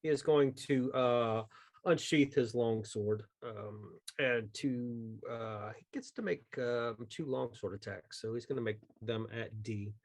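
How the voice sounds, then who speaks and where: A man's voice: medium pitch, a little slow. A man running a tabletop game as game master, talking in a loose, rambling way with many fillers and chuckles.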